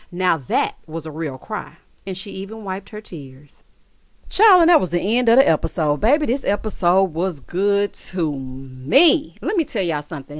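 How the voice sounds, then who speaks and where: A woman's voice: medium pitch, fairly bright tone, no room sound. A woman giving a gossipy recap of a reality TV episode, sassy and dramatic, calling viewers "honey" and "child". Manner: dramatic, teasing emphasis.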